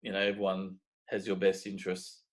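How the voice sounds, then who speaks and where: His voice sits low and moves fairly quickly as this middle-aged Australian guest, a make-up effects artist, spins animated, casual stories in an interview. He restarts frequently and performs quoted dialogue, and the recording is rough.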